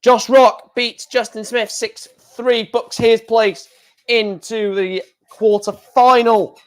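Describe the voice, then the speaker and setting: An excitable man commentating live on a stream, shouting and repeating himself at big moments. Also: very high voice, takes it slowly, smooth.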